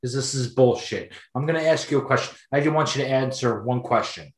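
A man's voice: medium pitch, fairly quick, lightly acted. A man voicing an angry, foul-mouthed father ranting on a payphone. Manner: ranting, cursing, combative. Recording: roomy echo.

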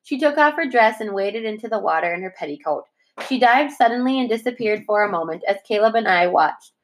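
A woman teacher reading a chapter book aloud to her class, in a steady, plain way that stops to correct its own slips. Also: medium pitch, brisk.

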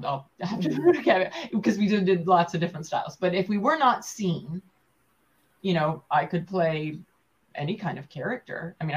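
A woman's voice: sits low, muffled recording. A woman puppeteer talking casually in an interview, full of fillers and restarts. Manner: chatty, with many fillers and restarts. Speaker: puppeteer guest.

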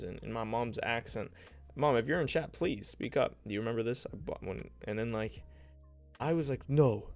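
A young man talks through a solo podcast episode in a loose, rambling way, laughing at himself as he goes. His voice sits low with a gravelly fry. Soft music plays faintly behind him. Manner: rambling, self-deprecating, laughs often. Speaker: podcast host and streamer. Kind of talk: casual solo podcast chat.

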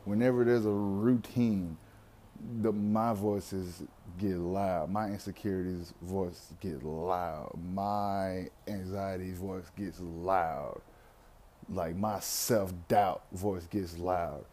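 A man's voice: sits low, fairly even intonation, takes it slowly, mellow, slight background noise. A young man, talking through his anxiety in a candid, rambling personal monologue full of slang and profanity.

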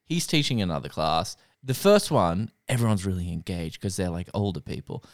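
Casual podcast co-host, male, low and wildly expressive, dry booth sound, acts out characters. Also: a little fast, no echo. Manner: animated, swearing, acts out quotes. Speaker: podcast co-host recapping a show. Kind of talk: casual chat.

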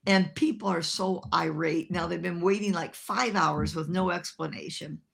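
Gravelly woman minister telling a story. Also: on the low side, normal speed. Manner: animated, laughing storytelling. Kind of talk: sermon storytelling.

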